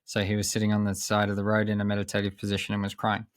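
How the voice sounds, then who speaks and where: A young man, a coach and podcast guest, telling a personal story in a measured, earnest way with pauses and restarts. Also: on the low side, monotone, dry recording, studio quality.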